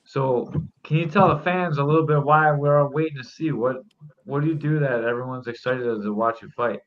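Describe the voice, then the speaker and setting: A man's voice: medium pitch, normal speed, highs cut off. A man hosting a casual podcast chat, upbeat and rambling with plenty of fillers as he asks questions. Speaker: podcast host.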